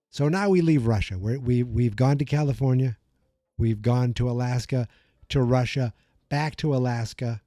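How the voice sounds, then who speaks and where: A man hosting a podcast, recapping an episode in a chatty, animated storytelling way. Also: medium pitch, no room sound, studio quality. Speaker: podcast host.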